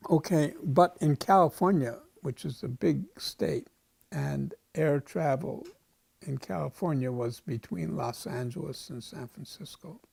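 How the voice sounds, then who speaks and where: A man's voice: fairly high pitch, a little slow, vocal fry, darkish tone, breathy edge, no echo. A man in his eighties from the United States, telling wry, wandering stories in a casual interview. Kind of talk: casual storytelling.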